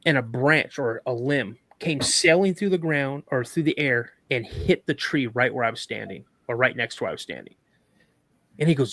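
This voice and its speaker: Animated man retelling a camping story. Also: mid-range voice, moderate pace, dry recording. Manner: animated, acts out quoted dialogue with restarts. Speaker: podcast guest. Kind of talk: casual storytelling.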